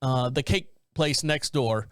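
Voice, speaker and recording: A man's voice: medium pitch, takes it slowly, clear, resonant tone, no echo, studio quality. A man hosting a podcast, reading out a story in a casual, rambling, blunt way with joking asides. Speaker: podcast host.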